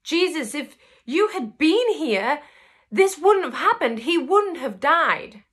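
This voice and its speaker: A woman's voice: high voice, very animated, slow pace, a bit bright, voice pushed up, exaggerated voice. A woman playing a distraught accusing sister. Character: distraught woman blaming Jesus for coming late.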